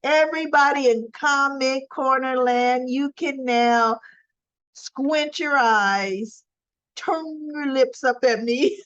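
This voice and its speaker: A woman talks through the day's soap opera episode in a relaxed, gossipy way. Her voice is a little high and her pace is unhurried. The recording sounds dull and lo-fi. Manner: chatty, laughs often, acts out characters' lines. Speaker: daily soap opera recap vlogger. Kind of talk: casual chatty episode recap.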